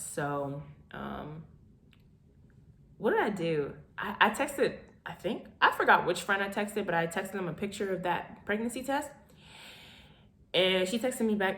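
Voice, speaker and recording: A young woman in her twenties tells a story for her vlog, talking casually and dramatically. Her voice is animated and playful, and she often breaks into laughter. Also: medium pitch, unhurried, reverberant. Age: 20s. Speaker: vlogger.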